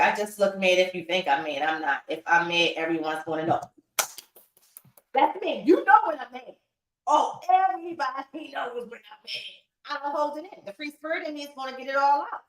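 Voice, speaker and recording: An outspoken, animated woman talks casually on a home livestream and laughs often. She sits a little back from the mic, so her voice sounds a bit distant. The room around her is echoey. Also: medium pitch. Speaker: podcast co-host and reptile breeder.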